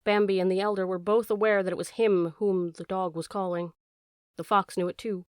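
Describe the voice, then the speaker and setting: A woman reads a classic story aloud in a measured, expressive voice of middle pitch. She is close to the mic in a dry room with no echo. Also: smooth. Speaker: audiobook narrator. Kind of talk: scripted narration.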